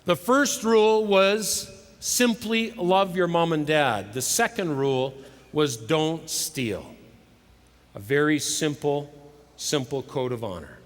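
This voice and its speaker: A middle-aged man preaches to a conference crowd, with a slightly high voice. He tells stories dramatically, swinging between loud and hushed. The live recording carries the long reverb of a big hall. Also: slow pace. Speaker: conference speaker. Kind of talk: motivational sermon with storytelling. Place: large hall with live audience.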